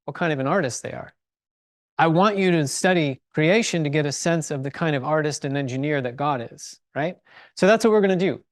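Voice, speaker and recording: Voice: medium pitch, no room sound. Chatty, eager speaker in a dry-sounding room. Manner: enthusiastic, chatty, self-deprecating humor. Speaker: chapel speaker and teacher. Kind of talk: casual faith and science talk. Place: university building, before a live audience.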